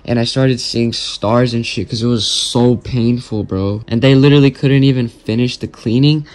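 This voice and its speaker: A man's voice: mid-range voice, steady tone, normal speed, a little mellow. A young man telling a personal story to his viewers in a casual, rambling way, swearing a lot and calling them "boys". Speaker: storytime vlogger.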